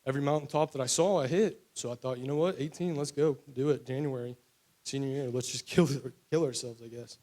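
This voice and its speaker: A man's voice: medium pitch, brisk, warm tone. A young man from West Virginia telling his personal recovery testimony in a candid, rambling way full of fillers. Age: young adult. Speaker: testimony speaker.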